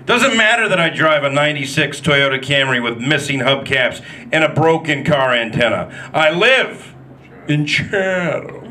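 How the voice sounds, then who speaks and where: A man's voice: mid-range voice, a little slow, pushed and bright, slight background noise. A man doing a live stand-up set at a comedy club, with a wry, self-deprecating, punchy delivery into a handheld mic.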